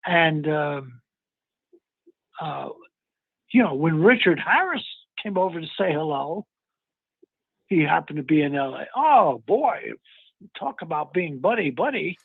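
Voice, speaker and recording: An older man, an actor being interviewed, telling anecdotes in an animated way and acting out the lines of people he quotes, with a husky, gravelly voice. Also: a little high, measured pace, long pauses, no room sound. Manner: animated, acts out quotes in retelling. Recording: dry, tinny phone-like sound.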